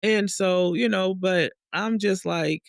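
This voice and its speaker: A woman telling a dream story in a casual monologue, acting out the other people in higher voices. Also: takes it slowly, vocal fry, no echo, studio quality. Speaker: vlogger sharing a dream and astrology.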